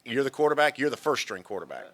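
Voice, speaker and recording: Chatty, bright-voiced male sports interviewer. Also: mid-range voice, expressive. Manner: chatty and joking, lots of quick follow-ups. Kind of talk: casual interview at a media day event.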